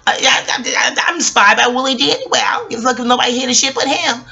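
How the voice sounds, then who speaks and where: She's a vlogger in her forties, ranting with passion and swearing as she rambles through jokes and asides in her commentary. Her high voice is creaky with a sharp tone, and she talks fast.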